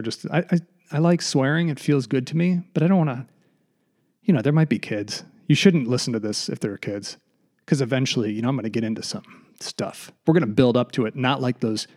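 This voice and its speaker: Speaking in a mid-range voice with a darkish tone, a man hosts a comedy podcast by himself from a basement room. He rambles and digresses, pokes fun at himself, does mock voices, and sounds slightly out of breath.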